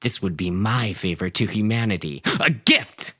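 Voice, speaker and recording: A man reading a dark first-person story aloud in a theatrical way, playing up the narrator's rage. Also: fairly low pitch, moderate pace. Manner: theatrical, swings into shouting for quoted rage.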